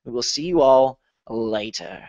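A man's voice: mid-range voice, expressive, unhurried, darkish tone. A man hosting a casual gaming podcast, upbeat as he runs through plugs and sign-offs. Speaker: podcast host. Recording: dull lo-fi audio.

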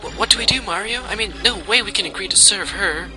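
A man's voice: sits high, fast, music in the background, voice pushed up, lightly acted, poor audio. A man voicing a frightened young girl sidekick, stammering and panicky. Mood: panicked.

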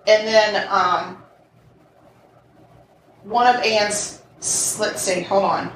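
A woman's voice: medium pitch, steady tone, drawn-out words, fairly bright tone. A woman co-hosting a podcast, telling a true crime story in casual chat, reading quotes aloud with sarcastic asides. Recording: echoey room, mic at a distance, faint noise.

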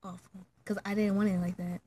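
A woman's voice: mid-range voice, level tone, fairly quick, warm tone, a little hiss or hum, poor audio. Chatty slangy young woman vlogger. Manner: slangy, chatty, filler-heavy. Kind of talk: casual storytelling to camera.

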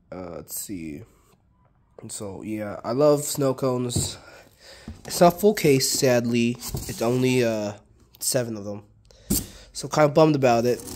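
A hoarse man talking casually through his fireworks collection, rambling and swearing freely. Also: medium pitch, a little mellow. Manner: rambling and profane. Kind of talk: casual chat.

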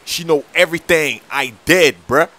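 A man's voice: fairly high pitch, moderate pace, bright, forceful tone. A man voicing a nervous young man in a video game skit who mumbles in slang and keeps saying "bruh". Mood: pleading.

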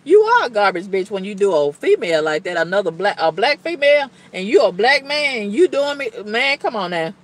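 A woman's voice: mid-range voice, sing-song, fairly quick, hardly any pauses. A woman venting to the camera in a blunt, emphatic, colloquial way, with repeated exclamations and exasperated storytelling. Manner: colloquial, blunt talk with cussing. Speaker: vlogger.

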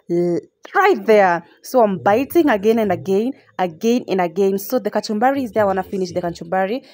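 A woman's voice: mid-range voice, a little mellow. A young woman, narrating a casual vlog to her viewers and often repeating her phrases. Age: young adult. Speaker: vlogger.

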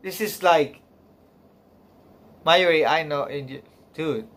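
A man reacting on a live stream, emotional and close to tears, gushing in halting speech full of fillers, sighs and laughs. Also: a little high, a bit bright.

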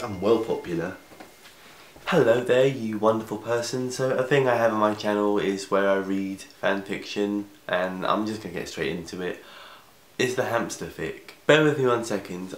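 Young man reading a story aloud, sarcastic asides, lowish voice, echoey room. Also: a little hiss or hum. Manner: sarcastic, interrupts himself with asides. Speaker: vlogger. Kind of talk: comedic fan fiction reading. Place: room in grandparents' house.

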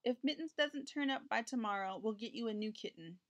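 A woman voicing a gentle but firm storybook mother, soothing and reassuring. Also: on the high side, expressive, brisk, no room sound, highs cut off.

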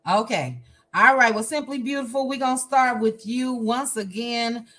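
Livestream host, woman from Chicago, lively and playful, higher voice. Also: moderate pace. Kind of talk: casual chat, reading viewer comments.

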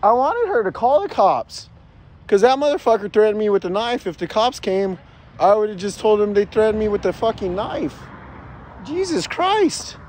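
A man's voice: sits high, lively intonation, normal speed, darkish tone. A man filming himself outdoors in a city on his phone, shaken and agitated, rambling and swearing as he keeps circling back over the same points. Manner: agitated, profane, repeats himself. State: shaken, heart racing. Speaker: vlogger. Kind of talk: rambling self-filmed vent.

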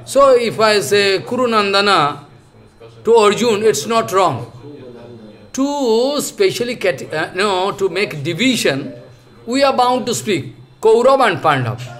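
A man with a high-pitched voice gives a scripture lecture. His delivery is halting and full of fillers, and he often restarts phrases as he searches for words. His tone stays earnest and explanatory. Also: animated, a bit bright. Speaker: spiritual teacher.

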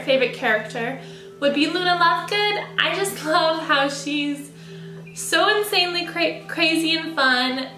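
A woman's voice: high voice, sharp tone, roomy sound, low-quality recording. A young woman vlogging casually, bubbly and enthusiastic, laughing often as she talks. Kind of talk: casual book-tag vlog.

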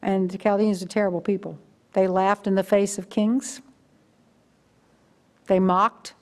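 A woman's voice: medium pitch, little pitch movement, measured pace. Older woman preaching a sermon. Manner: conversational storytelling preaching. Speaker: guest preacher.

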